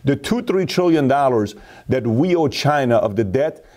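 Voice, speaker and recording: A man's voice: mid-range voice, lively intonation, normal speed, a little mellow. A man talking in an emphatic, opinionated way, telling stories with quotes. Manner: emphatic, storytelling with acted quotes. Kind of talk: opinionated casual talk.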